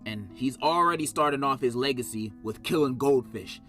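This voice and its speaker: A commentator narrating a comedy commentary video, sarcastic with sudden loud outbursts. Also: mid-range voice, moderate pace, soft background music.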